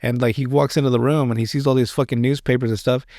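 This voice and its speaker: A man chats on a podcast in a loose, rambling way. He swears freely and restarts his sentences often. His voice sits at an ordinary middle pitch and sounds close and dry, with no room behind it. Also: fairly even intonation, fast, a little mellow, no echo. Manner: rambling and profane, with many restarts. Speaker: podcast host. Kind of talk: casual chat.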